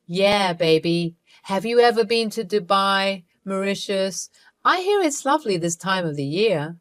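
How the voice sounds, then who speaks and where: A woman voicing a smooth-talking male celebrity who flirts slowly and seductively in a storytime narration. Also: mid-range voice, expressive, lightly acted. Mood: flirty.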